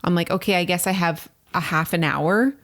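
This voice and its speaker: A woman's voice: on the low side, moderate pace. A woman co-hosting a casual couple's podcast, telling a story with lots of quoted back-and-forth and cutting in to keep the floor. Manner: animated storytelling, quoting her partner, interrupting to hold the floor. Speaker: podcast co-host.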